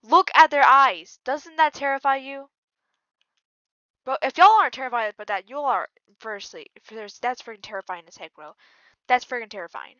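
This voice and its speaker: Woman, gameplay commentary, jittery, slangy, mumbles then yells, sharp bright voice, dull dry recording. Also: a little high, lively intonation, moderate pace, no echo. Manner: jittery, swings from mumbling to sudden yelling; slangy, keeps saying "bro" and "freaking". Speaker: gaming channel host.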